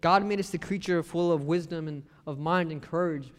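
A young lay preacher at normal speed, drawling in a voice that's fairly high for a man, gives a chatty sermon full of scripture quotes and playful asides. He acts out quotes from his family while a hall's long reverb trails each line.

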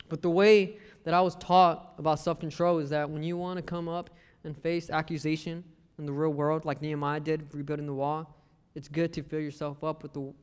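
A young man with a drawl talks through a sermon like a conversation, quoting scripture and dropping joking asides. His voice sits fairly high for a man. It rings out in a hall with long reverb. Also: clear, resonant tone. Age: young adult. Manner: conversational, joking asides, acts out family quotes. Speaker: lay preacher. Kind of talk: casual sermon talk with scripture.

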